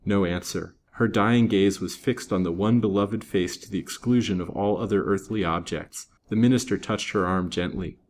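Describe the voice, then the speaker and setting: Brief: male storyteller, low voice, measured dramatic reading of an old novel. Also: a little mellow, slight background noise. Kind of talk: scripted narration of a Victorian novel.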